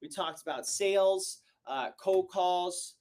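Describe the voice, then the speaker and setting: A high-energy man hosting a live show, talking up sales habits in an excitable rush. His pitch sits a touch above most men's, and his level keeps jumping from loud bursts to low, slow stretches. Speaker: host. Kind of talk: motivational sales talk.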